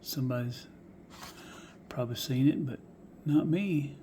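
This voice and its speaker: Warm and unhurried, this mid-range male voice comes with slight background noise. A collector casually presents die-cast cars on video, folksy and pondering aloud, his voice often falling to a whisper.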